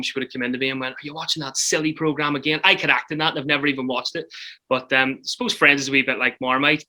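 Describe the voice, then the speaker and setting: A man who presents breakfast radio, chatting about silly news stories. He sounds excitable and breaks into giggles easily. His voice is very bright and a bit high. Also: low-quality recording. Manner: giggly, excitable, quick to laugh. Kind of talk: casual chat.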